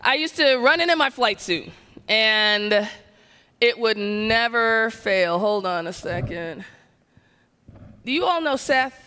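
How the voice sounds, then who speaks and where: A woman's voice: fairly high pitch, slow pace, long pauses, clear, resonant tone. A woman from the American South gives a motivational keynote, talking energetically and firing questions at the audience. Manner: energetic, conversational, keeps asking the audience questions. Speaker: keynote speaker. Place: large event hall. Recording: long hall reverb.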